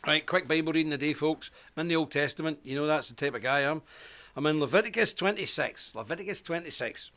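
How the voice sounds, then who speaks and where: A man hosting a casual live stream, spinning a long personal anecdote in a loose, talkative manner. His speaking voice sits a little higher than most men's. He breaks off to welcome viewers one by one. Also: fast talker, bright, forceful tone. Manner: chatty and anecdotal, greeting viewers by name.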